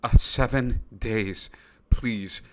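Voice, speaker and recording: A man running a tabletop game as game master, narrating in a halting way with many pauses. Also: lowish voice, fairly bright tone, slight background noise.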